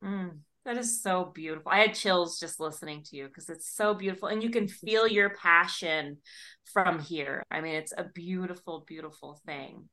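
A woman's voice: lowish voice, normal speed, pushed and bright. A woman co-hosting a podcast, enthusiastic and effusive in her reactions. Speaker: podcast co-host. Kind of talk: casual chat.

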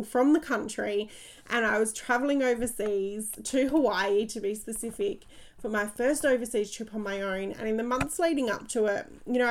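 A woman in her thirties, hosting a podcast as a coach and telling personal stories in an energetic, chatty way. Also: on the high side. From Australia. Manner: energetic, chatty storytelling with frequent laughs. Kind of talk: motivational podcast monologue.

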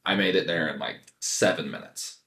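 Rambling man, slightly low voice. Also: moderate pace, a bit bright, slight background noise. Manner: rambling, heavy use of "like" fillers. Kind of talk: casual chat, storytelling.

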